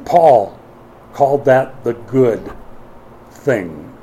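A middle-aged male pastor preaching a sermon, moving between quiet explanation and emphatic declarations, with folksy asides to the congregation. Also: mid-range voice, animated, drawn-out words, slight background noise, low-quality recording.

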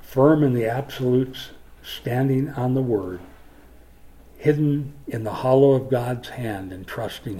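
Mellow-voiced pastor preaching emphatically. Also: male voice, mid-range voice. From Minnesota, USA. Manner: emphatic preaching that swings from forceful to hushed. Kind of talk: sermon.

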